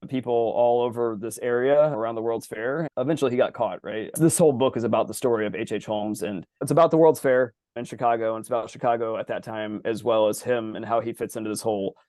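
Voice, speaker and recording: Fast-talking rambling man, dry sound. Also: medium pitch, darkish tone, no echo. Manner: rambling, profane, loose. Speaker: podcast co-host. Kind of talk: casual podcast chat.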